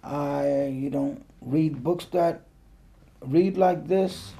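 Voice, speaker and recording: A man preaching a sermon, with earnest, drawn-out emphatic phrasing and a gravelly voice. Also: a little high, dark tone.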